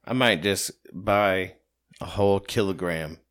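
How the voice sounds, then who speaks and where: A man's voice: deep voice, unhurried, a bit bright. A man co-hosting a podcast in loose, rambling casual chat, joking and swearing. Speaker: podcast co-host.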